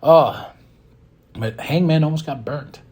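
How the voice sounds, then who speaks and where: A man hosting a podcast, giving a casual, excitable and rambling recap of a wrestling show, often breaking into laughs. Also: fairly high pitch, slow pace. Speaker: podcast host.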